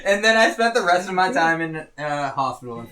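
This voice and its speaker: A man co-hosting a casual podcast who laughs often and reacts with quick interjections. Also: high-pitched, animated, sharp tone. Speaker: podcast co-host. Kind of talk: casual chat.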